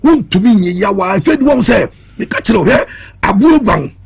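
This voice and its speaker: A man's voice: high voice, animated, fast talker, creaky, husky. A Ghanaian man giving heated political commentary on a talk show, impassioned and challenging, switching between Twi and English.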